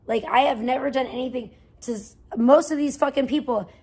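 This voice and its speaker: A woman livestreaming, ranting in a profane, defensive way that swings between muttering and loud outbursts. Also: sits high, a little fast, breathy edge. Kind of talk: casual livestream rant.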